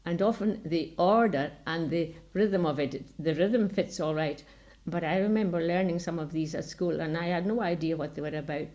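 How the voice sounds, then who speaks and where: A woman with a Scottish Highland accent giving an online academic talk over a video call, measured and explanatory, sometimes restarting a word. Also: a little mellow. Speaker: lecturer.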